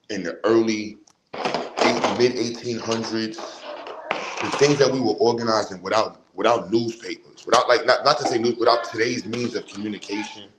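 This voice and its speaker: On a livestream, a fired-up "New" man goes on a heated, rambling rant full of blunt street slang. His pitch is fairly low, and the roomy recording carries loud background noise.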